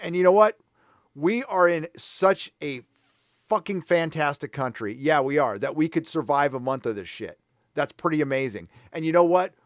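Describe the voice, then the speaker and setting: Angry middle-aged guy ranting on his live stream, cussing constantly, kinda high voice, dry close mic. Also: lively intonation, moderate pace, no echo. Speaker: live show host.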